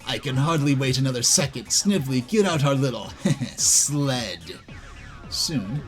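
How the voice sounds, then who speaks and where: A man voicing a scheming villain doctor from a comic, in a gloating, drawn-out delivery. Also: medium pitch, lively intonation, soft background music, voice pushed down, lightly acted.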